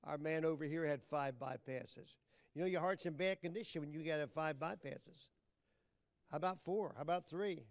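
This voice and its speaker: A man preaching a sermon as pastor, talking folksy and plain with loud emphatic bursts. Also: a little high, moderate pace, no room sound.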